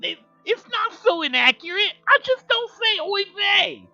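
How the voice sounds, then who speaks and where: A man doing a shrill, indignant stream character. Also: big pitch swings, vocal fry, exaggerated voice. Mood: huffy. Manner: slow, loud, theatrical complaining. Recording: dull lo-fi stream audio with faint music.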